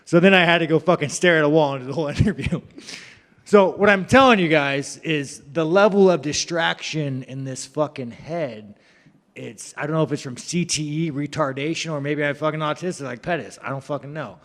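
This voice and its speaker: A man's voice: fairly high pitch, fairly quick, big-room sound. A man, a fighter answering reporters, talking in a brash, profane, rambling and joking way. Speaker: fighter at a press event. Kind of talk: media scrum answers.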